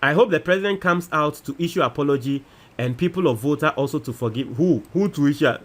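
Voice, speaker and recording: A man with a Ghanaian accent, hosting a casual commentary show and reading out viewer comments, animated and mixing in local phrases. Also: on the high side, fast talker. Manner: animated, switches between Twi and English.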